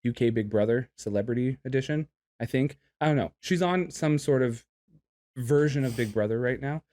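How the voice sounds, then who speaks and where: He's a laid-back guy chatting on a podcast, giggling through his stories and slipping into goofy voices. His voice sits at an ordinary middle pitch. He's recorded outdoors in a park. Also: normal speed, mellow. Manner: giggly, laughs often, jumps into silly voices. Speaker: podcast co-host. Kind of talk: casual chat.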